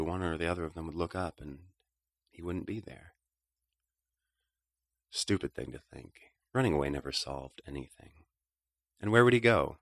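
Low gravelly male narrator. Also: fairly bright tone, dry recording, clean studio sound. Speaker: audiobook narrator. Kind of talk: scripted narration of a novel.

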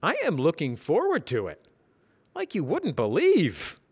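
A man puts on a young office worker with a raised, bright-edged voice. He talks formally and earnestly, with a lot of movement in the pitch and a touch of grandeur. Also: wildly swooping pitch, unhurried, slightly rough, exaggerated voice. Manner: precise, earnest, slightly grand.

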